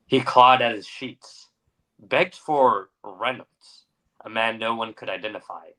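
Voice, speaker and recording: A young man co-hosts a podcast, moving from dramatic story narration into casual chat. His voice has a bright, forward tone. He keeps an unhurried pace. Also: fairly low pitch. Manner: narrates dramatically, then chats with fillers. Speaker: podcast co-host.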